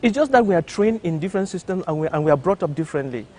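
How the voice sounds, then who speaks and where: Older male doctor guest, lively and repetitive storyteller, slightly high pitch. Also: very fast, slight background noise. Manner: animated storyteller with frequent restarts. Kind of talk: recounting a personal story. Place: television studio.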